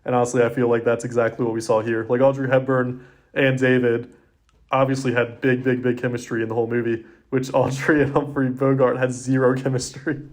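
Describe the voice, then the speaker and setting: A young podcast co-host chats casually, rambling and stuffing his sentences with "like." His medium-pitched voice moves fairly quickly with little pitch variation.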